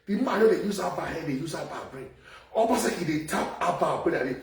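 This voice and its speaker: A man's voice: on the high side, fast, gravelly, distant mic. Nigerian Pidgin man ranting in an echoey room. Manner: loud, animated ranting with laughs and repeated phrases. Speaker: social media commentator. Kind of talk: ranting live video commentary. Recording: echoey room, voice away from mic.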